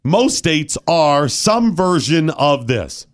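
A man's voice: on the high side, big pitch swings, slow pace. Theatrical talk radio man, mock-dramatic. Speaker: radio host.

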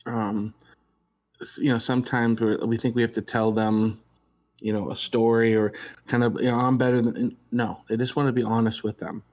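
A man's voice: medium pitch, darkish tone. A middle-aged man, a father and interview guest, telling personal stories in an earnest, casual way, often restarting his sentences and acting out quotes. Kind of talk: casual storytelling.

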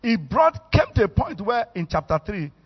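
A man with a Nigerian accent preaching a sermon, animated and storytelling as he acts out the quotes. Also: high-pitched, moderate pace, breathy edge. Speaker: bishop, preacher. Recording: echoey hall, muffled sound.

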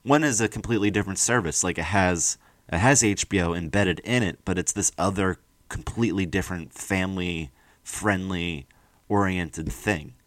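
A man hosting a podcast, talking in a rambling, animated way with many fillers and restarts. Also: sits low, moderate pace, dry recording. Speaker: podcast host. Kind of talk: casual podcast chat.

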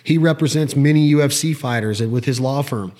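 A man in easy conversation, telling a story with real momentum. His voice sits at an ordinary middle pitch, and he jumps into quick impressions when he quotes someone. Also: darkish tone. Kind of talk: casual storytelling chat.

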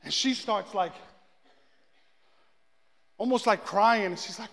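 High-voiced pastor preaching in an echoing hall. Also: male voice, slow, vocal fry. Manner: animated, self-mocking storyteller who acts out his own shouting. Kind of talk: sermon with personal storytelling.

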